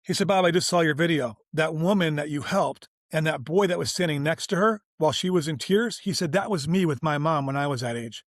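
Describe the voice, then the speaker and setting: A man's voice: fairly high pitch, fairly quick, few pauses, no room sound, clean studio sound. A man guest on a business interview show, telling a story casually and animatedly, acting out the dialogue as he goes. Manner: animated, acts out quoted dialogue, informal.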